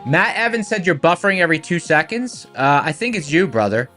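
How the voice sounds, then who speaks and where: A man in his thirties with a Philadelphia American accent, hosting a livestream and chatting casually with viewers in a relaxed, rambling way full of fillers. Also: fairly high pitch, brisk, soft background music. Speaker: livestream host.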